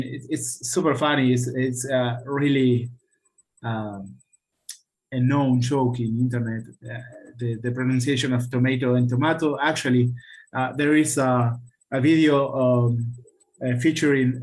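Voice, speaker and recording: A man with a Spanish accent teaching an English class over a video call, talking haltingly with many fillers and frequent checks of "right?". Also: medium pitch, low-quality recording.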